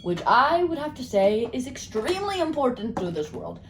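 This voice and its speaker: A woman giving a casual tarot card reading, bubbly and rambling as she talks excitedly. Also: sits high, normal speed, reverberant, background noise. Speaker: tarot reader.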